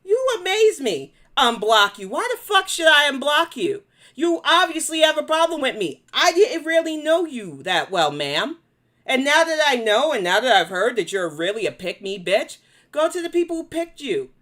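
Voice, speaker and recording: Woman host with a New York accent, slightly high voice, blunt and cussing, live commentary. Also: sing-song, normal speed, a bit bright. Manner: blunt, profane, confrontational. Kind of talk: live commentary and chat replies.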